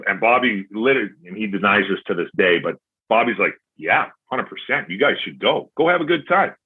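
Husky low-voiced man on a tinny line. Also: moderate pace. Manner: rambling anecdotes, retells dialogue with "I'm like", profane. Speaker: podcast guest, former pro hockey player. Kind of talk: casual storytelling.

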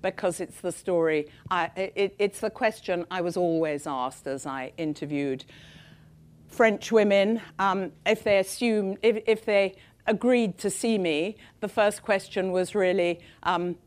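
An older English woman speaking to an audience about her book, with a somewhat low voice. She tells her story conversationally, pausing with ums and restarts. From England. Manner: conversational storytelling with frequent fillers. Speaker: author giving a talk. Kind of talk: public talk to an audience.

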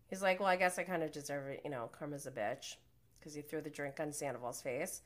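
A woman hosting a casual podcast, recapping a reality show in a gossipy, animated way and acting out quotes. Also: moderate pace. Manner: animated, gossipy, acts out quotes with big pitch jumps, laughs often.

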